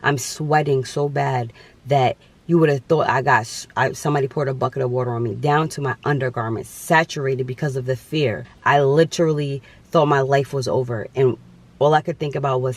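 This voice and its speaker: A man's voice: mid-range voice, fairly even intonation, a little fast. A young man telling a dramatic personal story on his vlog, with emphatic repetition. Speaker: vlogger.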